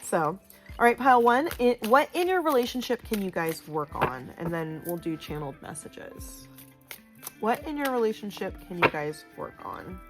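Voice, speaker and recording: A woman at an ordinary middle pitch talks through a casual tarot card reading. She is loud and chatty and fills her sentences with "like" and "you know". Faint music plays underneath. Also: very animated, moderate pace. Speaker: tarot reader.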